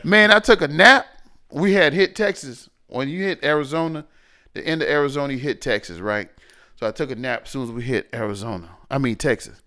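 A man in his forties chatting casually as a podcast co-host, an animated storyteller who swings between loud and quiet. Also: medium pitch, brisk. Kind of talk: casual chat.

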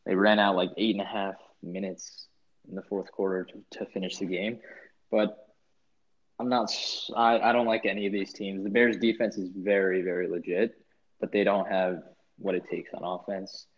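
Deep-voiced man giving measured takes. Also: flat delivery. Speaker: podcast guest. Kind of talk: casual sports chat. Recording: muffled lo-fi podcast audio.

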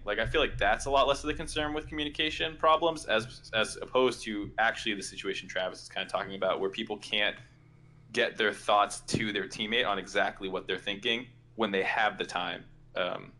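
A man's voice: fairly low pitch, steady tone, a little fast, bright, forceful tone. A man co-hosting a podcast, talking casually and rambling with many fillers. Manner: rambling, many likes and restarts. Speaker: podcast co-host. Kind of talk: casual chat.

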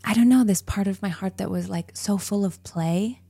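A woman's voice: mid-range voice, moderate pace, creaky, mellow, breathy edge, dry recording, clean studio sound. A woman in her thirties, a podcast guest, chatting casually and telling a story with frequent laughs. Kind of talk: casual interview chat.

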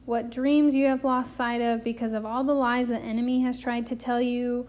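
Brief: woman, high voice, devotional podcast host, earnest and emotional, repeats phrases like a preacher. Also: level tone, normal speed, darkish tone. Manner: emotional, close to tears.

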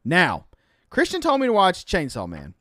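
Animated storytelling man, lively pitch. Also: normal speed, no room sound, clean studio sound. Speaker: podcast co-host. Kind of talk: casual podcast chat. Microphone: podcast mic.

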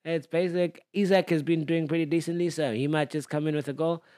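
A man's voice: a little high, fairly even intonation, fairly quick, mellow. A man co-hosting a casual podcast chat, ranting playfully and teasing his co-host with lots of laughter. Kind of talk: casual chat about fantasy football.

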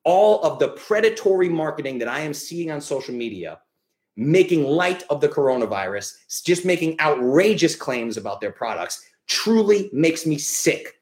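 A man's voice: on the high side, lively intonation, normal speed, darkish tone. Blunt, ranting man in a roomy space. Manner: blunt, ranting, swears freely; emphatic, repeats points for stress. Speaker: podcast host. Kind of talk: live-streamed podcast monologue. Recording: roomy echo.

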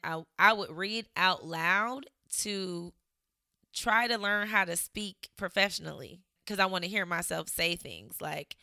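A young woman with a slight Southern drawl speaks straight to her viewers, chatty and reflective, dropping plenty of "like" and "you know." Her voice is fairly low, bright and clean, with a gravelly fry at the ends of phrases. The room is dry and close. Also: unhurried, no echo. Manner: chatty, lots of fillers, laughs often. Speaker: vlogger. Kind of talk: casual reflective talk to camera.

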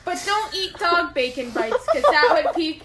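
Young woman podcast co-host, high bright voice, rambling, jokey. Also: sing-song, moderate pace, slight background noise. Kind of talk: casual chat.

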